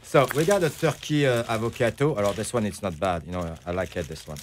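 A middle-aged man with a French accent, a bakery owner chatting as a guest, who pauses often to search for English words. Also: on the low side, a little hiss or hum. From France. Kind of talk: casual interview chat.

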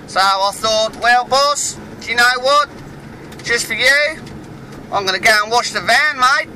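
Playing a mouthy Aussie tradie bloke, a man rambles and grumbles at other drivers from inside his moving van in a chatty comic monologue, using lots of slang. His heavily acted voice is extremely high, unhurried, pushed and bright, caught on a low-quality recording with slight background noise.

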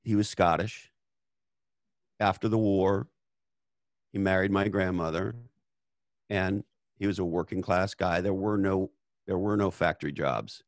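A man's voice: deep voice, a little slow, pauses often, no echo. A Canadian man hosting a casual conversation, talking bluntly and swearing freely as he tells stories. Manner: blunt, profane, storytelling. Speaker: host.

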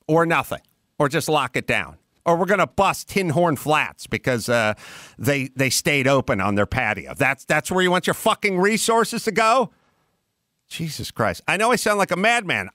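An exasperated podcast host rants with emphatic, swearing outbursts. His voice sits high and swings widely in pitch. The sound is dry and close. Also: sing-song, unhurried, sharp tone, dry recording. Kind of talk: profane comic rant.

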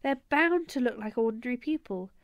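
A bossy young girl ringleader, as a woman reads her, pitched high and pushing forward. She takes charge of the other children with eager certainty. The sound is dry and close. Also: lively intonation, brisk, no echo, dull audio, natural voice. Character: bold young girl gang leader.

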